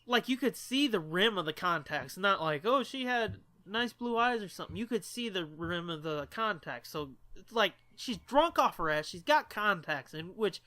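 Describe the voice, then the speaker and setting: Bright-voiced, profane storytelling man. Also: high voice, lively intonation, normal speed, few pauses. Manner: profane, rambling anecdote telling with laughs. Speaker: podcast co-host. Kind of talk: casual storytelling.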